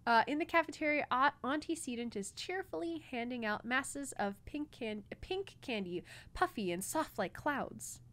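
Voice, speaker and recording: A woman's voice: sits high, animated, normal speed, few pauses, fairly bright tone. A woman co-hosting a let's play, reading game text aloud, giggly and stumbling over words.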